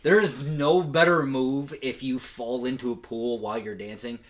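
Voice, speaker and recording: A man's voice: mid-range voice, normal speed. A man giving a crude, profane comedic recap of an old film, acting out the characters' lines. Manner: crude, animated retelling with acted-out quotes. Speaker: guest comedian.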